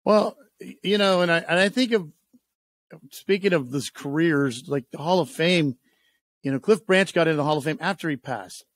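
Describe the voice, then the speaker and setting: High-voiced, animated sports radio host. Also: male voice, normal speed, no echo. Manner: animated storyteller, does voices. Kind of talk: casual sports talk. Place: radio studio. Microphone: studio microphone.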